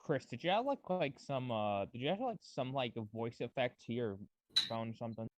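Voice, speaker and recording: A man chatting on a voice call from his phone, excitable, swearing and trailing off into fillers. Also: medium pitch, normal speed, dry recording. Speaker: friend on the stream call. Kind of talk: casual chat on a voice call.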